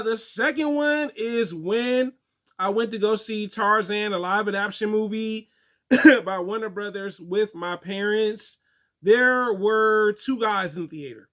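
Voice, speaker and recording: A young man telling stories and answering viewer questions in a casual, animated way, laughing often. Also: sits high. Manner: animated storytelling, laughs often, acts out quotes. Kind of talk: casual chat.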